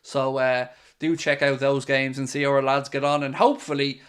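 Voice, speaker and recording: A man's voice: mid-range voice, level tone, moderate pace, fairly bright tone, smooth. An Irish man hosting a casual live stream, chatty and opinionated as he answers viewer questions. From Ireland. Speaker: host of a fan channel live stream.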